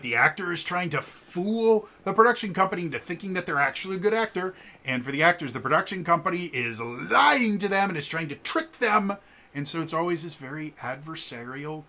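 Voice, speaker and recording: A man telling a casual story in a vlog, animated and acting out the quoted lines, with fillers and stammered restarts. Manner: animated, acts out quoted lines with shifts in pitch. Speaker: vlogger.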